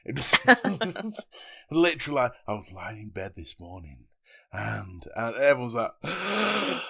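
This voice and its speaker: A man co-hosting a casual gaming podcast. His pitch swings up and down as he jokes, and he laughs often. He keeps the talk loose and chatty. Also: measured pace, creaky, breathy edge. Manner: animated, laughs often, jokey. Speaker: podcast co-host.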